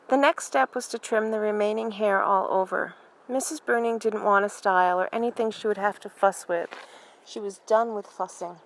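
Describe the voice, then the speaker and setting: A woman reading a novel aloud for a library in a steady, even manner. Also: mid-range voice, poor audio. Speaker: library reader.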